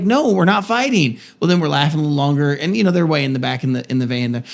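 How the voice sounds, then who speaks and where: A man's voice: on the high side, lively intonation, fast talker, gravelly, hardly any pauses. A middle-aged pastor co-hosting a casual marriage podcast with his wife, telling stories animatedly and interrupting himself playfully. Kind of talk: casual marital chat.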